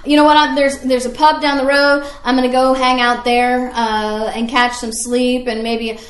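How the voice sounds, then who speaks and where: A woman's voice: high-pitched, level tone, moderate pace, reverberant, close to an everyday voice. A woman voicing a careless colonial rider who rambles out lazy excuses. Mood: mocking. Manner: mock-casual, rambling, joking. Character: breezy, careless colonial man making excuses.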